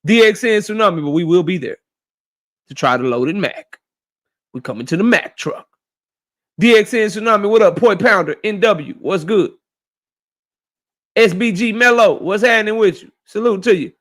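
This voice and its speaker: A man's voice: high-pitched, fairly bright tone. A man hosting a live stream, casually greeting chat viewers one by one in slang. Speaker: livestream host.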